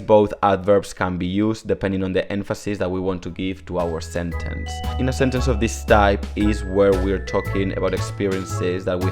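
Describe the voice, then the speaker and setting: Casual lesson from a guy, lowish voice, rambles a lot with fillers and jokes at himself. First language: Spanish. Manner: chatty, rambling, self-deprecating, filler-heavy. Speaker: Spanish teacher.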